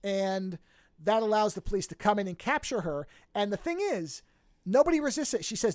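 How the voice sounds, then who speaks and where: Animated podcast host retelling a series. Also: medium pitch, fairly quick, no echo, studio quality. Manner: animated storytelling, acts out characters' lines; restarts and self-corrections. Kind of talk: casual recap of a TV series.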